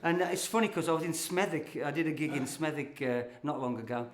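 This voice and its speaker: A man's voice: on the high side, fairly quick. Older English man with a Midlands accent, performing comic verse. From England. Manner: chatty storytelling with rhyming verse. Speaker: poet performer. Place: small hall before a live audience. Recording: roomy hall sound.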